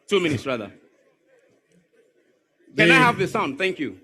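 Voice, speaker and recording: Nigerian male emcee, bright, slightly high voice, formal and polite, in a big hall. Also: animated, fairly quick. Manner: courteous, repetitive welcomes and polite pleading. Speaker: master of ceremonies. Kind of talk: formal event announcing. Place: large crowded hall.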